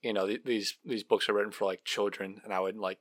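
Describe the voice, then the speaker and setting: A man's voice: fairly low pitch, fairly even intonation, fast, fairly bright tone, dry recording. A young man co-hosting a podcast in casual chat, making wry, dry remarks. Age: young adult. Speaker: podcast co-host.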